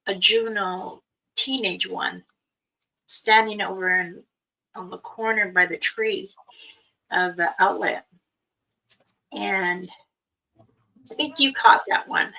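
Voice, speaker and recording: A woman's voice: medium pitch, vocal fry, sharp tone. A middle-aged woman hosting a livestream, telling stories in a casual chat, acting out quoted dialogue and laughing often. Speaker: livestream host. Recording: voice a bit far from the mic.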